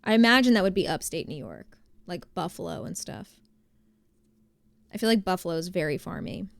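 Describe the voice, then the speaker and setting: A woman's voice: on the low side, expressive, normal speed, vocal fry, dry recording. A young woman from New Jersey, streaming and chatting casually with her viewers, rambling with lots of fillers. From New Jersey, USA. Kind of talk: casual chat reading viewer messages.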